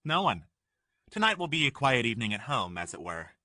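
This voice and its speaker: A man voicing a calm, soft-spoken male guardian in an audiobook. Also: mid-range voice, fairly quick, no echo, clean studio sound. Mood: soothing.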